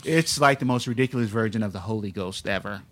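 A man's voice: fairly low pitch, fast, fairly bright tone. Guy on a comedy podcast rambling through stories, stammers, laughs a bunch. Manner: storytelling, laughs often, stammers on starts. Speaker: podcast co-host. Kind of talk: casual comedy chat.

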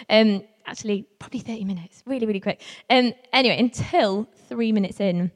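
A woman who works with young carers tells a lively, self-mocking story to a live audience, laughing as she goes. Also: medium pitch, brisk, few pauses. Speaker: young carers worker giving a talk. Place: large hall with a live audience. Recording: long reverb in a large hall.

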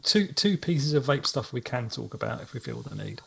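Husky man, measured. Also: mid-range voice, very animated, a bit bright. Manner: measured, hesitant restarts. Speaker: podcast co-host. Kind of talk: casual chat. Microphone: headphones on a remote call.

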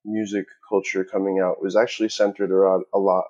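A man's voice: low voice, level tone, brisk, a little mellow, lo-fi sound. Chatty young man from Queens. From Queens, New York. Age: young adult. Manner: chatty, heavy on fillers like "like", laughs easily. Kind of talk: casual podcast chat.

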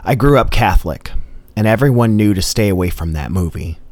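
A man's voice: on the low side, animated, a little fast, darkish tone, no echo. A man telling a comedic personal story in a dry, matter-of-fact way. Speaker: storyteller host.

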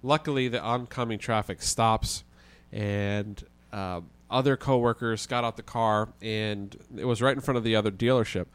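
A man, a guest on a podcast, telling a story in a casual, animated way with the odd swear word. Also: lowish voice, normal speed, hardly any pauses, clear, resonant tone. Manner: animated, vivid retelling with occasional swearing.

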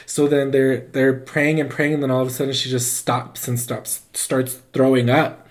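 Man telling a story casually, animated and rambling, acts out voices, mid-range pitch. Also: normal speed. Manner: loose and rambling, full of "like".

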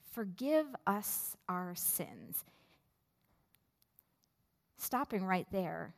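A woman pastor preaching a sermon in a slow, measured way with deliberate pauses. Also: mid-range voice. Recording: long reverb of a large hall.

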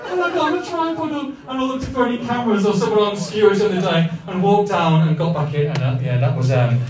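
A man's voice: high voice, lively intonation, quick pace, recorded from a distance, a crowd in the background. A man, co-hosting a live podcast and telling a self-mocking story in a function suite. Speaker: podcast co-host. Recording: roomy live sound from off-mic.

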